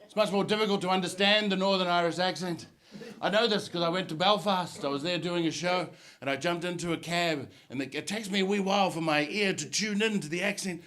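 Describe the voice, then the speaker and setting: A man's voice: high-pitched, fairly quick. A man doing a stand-up set, telling stories and mimicking to build to punchlines. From New Zealand. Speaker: stand-up comedian. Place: comedy club stage. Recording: live club with loud crowd. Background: audience laughter.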